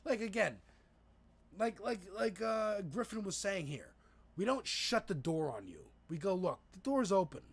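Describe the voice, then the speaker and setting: Gravelly man ranting on a stream. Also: sits high, sing-song, unhurried. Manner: profane, rambling, frequent restarts. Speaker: livestream co-host. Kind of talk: casual political talk stream.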